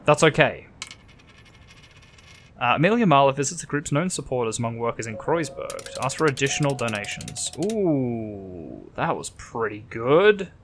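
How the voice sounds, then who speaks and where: A man's voice: mid-range voice, very animated, moderate pace, fairly bright tone, a little hiss or hum. An Australian man hosting a let's play, chatting casually and thinking aloud while reading the game's text.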